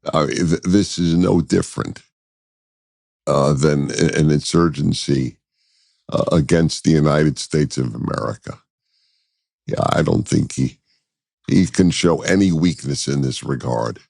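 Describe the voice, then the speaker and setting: Very deep, slow, gravelly man. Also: darkish tone, no room sound, clean studio sound. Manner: deliberate, with frequent hesitations and restarts. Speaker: guest commentator. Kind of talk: conversational interview answers.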